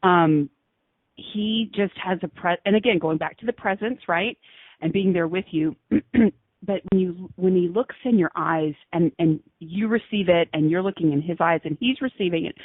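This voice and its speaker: A woman's voice: fairly low pitch, moderate pace, breathy edge, no echo. A woman chatting as a radio show guest, laughing often and gushing. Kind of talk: giggly casual chat. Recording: tinny phone line.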